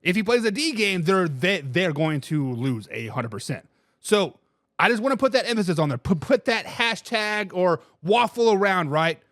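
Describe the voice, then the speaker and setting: Animated high-pitched man hosting a live chat. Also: no echo, clean studio sound. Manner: animated, excitable, repeats lines; swears casually, addresses chat as guys. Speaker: livestream sports talk host. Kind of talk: casual livestream chat reading viewer comments.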